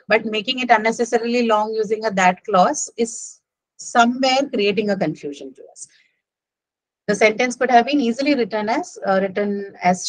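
A woman's voice: mid-range voice, no room sound, low-quality recording. A woman with an Indian English accent, teaching an online English writing class. She explains patiently and often checks in with "right?" and "okay?". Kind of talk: online lecture.

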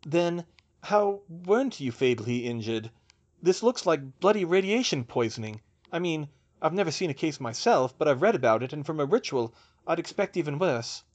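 A matter-of-fact male healer, voiced by a male reader close to his own natural voice, in a storybook reading. He talks plainly and clinically, with an animated lilt. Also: fairly high pitch, moderate pace, voice pushed up.

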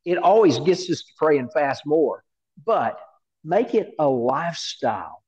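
A man's voice: mid-range voice, highs cut off. A man, preaching a sermon as pastor and telling a story with acted-out quoted voices. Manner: animated storyteller who acts out quoted voices.

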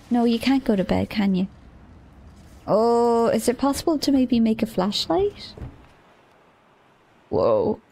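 A fairly high-voiced woman streaming a game, talking herself through each step. She giggles a lot and gets startled easily, with a casual, chatty delivery. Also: sing-song, a little slow, long pauses, mellow.

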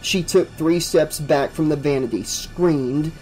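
A man reading a horror novel aloud as an audiobook, in a steady, vivid storytelling manner. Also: fairly high pitch, unhurried, faint music behind, poor audio. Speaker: audiobook narrator.

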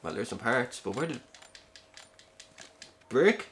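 A man's voice: mid-range voice, lively intonation, takes it slowly, fairly bright tone, slight background noise. A man playing a video game and chatting casually with his co-host, laid-back and teasing. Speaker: let's play co-host. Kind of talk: casual gaming commentary.

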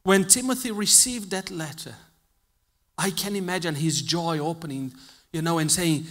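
A male preacher, not an English speaker, telling a funny travel story in a sermon and acting out the dialogue, swinging between loud outbursts and hushed asides. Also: a little high, moderate pace. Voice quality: non-native English phrasing. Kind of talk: sermon with a humorous personal story.

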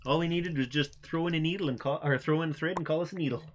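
A man's voice: fairly high pitch, fast, a little hiss or hum. A man co-hosting a casual gameplay commentary with his daughter, goofy and joking, humming little tunes between remarks. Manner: goofy and playful, hums and jokes. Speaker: father co-hosting a gameplay channel.

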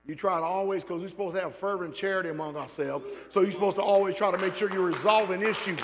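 A man preaching in a church sanctuary. His voice sits high and he tells stories with fiery, shouted peaks, then drops into casual, joking asides to the people in the pews. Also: quick pace, few pauses, crowd noise, background noise. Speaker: pastor. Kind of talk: sermon.

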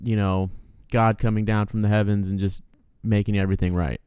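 A man's voice: on the low side, flat delivery, a little fast, warm tone, smooth, no echo, studio quality. A man co-hosting a casual film podcast, opinionated and rambling, with lots of fillers. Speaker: podcast co-host. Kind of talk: casual film review chat.

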